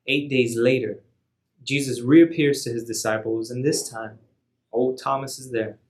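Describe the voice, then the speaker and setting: A man telling a Bible story for a youth ministry in a relaxed, slangy way. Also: mid-range voice, unhurried. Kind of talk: casual Bible story retelling.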